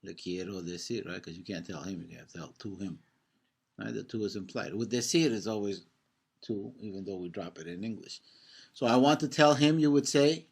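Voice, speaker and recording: A man's voice: fairly low pitch, moderate pace, vocal fry, breathy edge. A man teaching a Spanish grammar class, patiently explaining, quizzing his students and often checking in with "right?".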